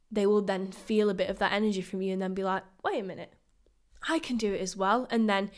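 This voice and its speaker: A woman in her twenties talks through her podcast solo. She is chatty and upbeat and jumps into excited bursts, and her voice sits in a middle pitch. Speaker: podcast host. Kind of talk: casual solo podcast monologue.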